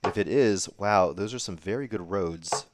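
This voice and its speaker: A man doing live darts commentary, getting excited on big throws. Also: low voice, normal speed, noisy background. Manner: excitable, rises sharply on big moments.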